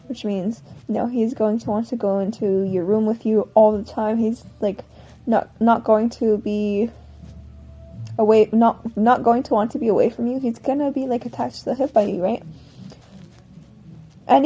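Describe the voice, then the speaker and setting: A woman's voice: medium pitch, mellow, breathy edge. A woman vlogger telling a long personal story in a casual, rambling way, often correcting herself mid-sentence.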